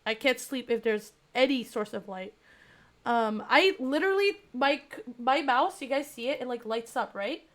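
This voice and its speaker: A woman's voice: a little high, fairly bright tone. A young woman streamer chatting casually with her viewers, giggly and rambling, full of fillers and restarts. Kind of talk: casual live-stream chat reading viewer messages.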